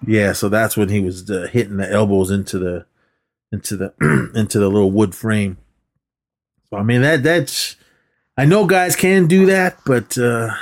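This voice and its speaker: A man casually recapping a movie on a podcast, rambling and acting out the characters' lines. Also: fairly low pitch. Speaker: podcast co-host.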